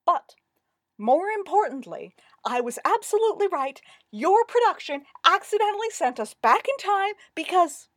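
A woman voicing a pompous, know-it-all middle-aged male wizard who talks high and insists loudly that he was right, in a storybook reading. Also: sing-song, fairly quick, no room sound, clean studio sound, full character voice. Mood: self-righteous. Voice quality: high-pitched, loud, insistent.

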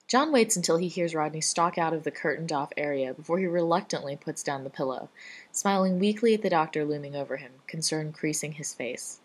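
Husky low-voiced woman reading a story. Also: fairly quick. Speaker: fan fiction reader.

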